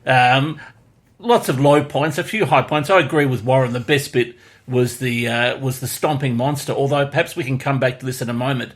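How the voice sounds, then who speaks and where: A man co-hosting a casual movie podcast, making wry jokes about a cheesy film. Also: mid-range voice. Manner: joking, wry, quick with gags. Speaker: podcast co-host. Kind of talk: casual movie review chat.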